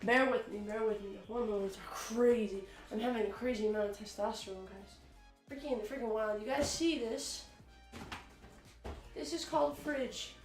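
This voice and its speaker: An eighteen-year-old woman chats through a cooking stream from her home kitchen. Her voice sits high and keeps cracking from a cold. She jokes, swears casually and keeps things playful, with faint music playing behind her. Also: normal speed. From United States. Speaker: cooking livestream host. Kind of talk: casual livestream chat. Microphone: desk condenser mic.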